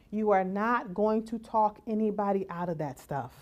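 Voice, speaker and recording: A woman giving a lively conference talk as keynote speaker, often asking "right?" and acting out the voices she quotes. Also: mid-range voice, normal speed, few pauses. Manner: animated, acts out quoted voices, rhetorical "right?".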